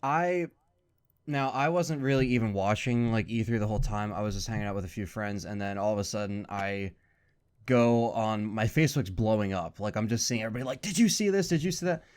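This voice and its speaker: A man's voice: on the low side, fairly quick, clear, resonant tone. A man hosting a podcast, chatting in a loose, laid-back way with lots of fillers. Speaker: podcast host. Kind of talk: casual podcast chat.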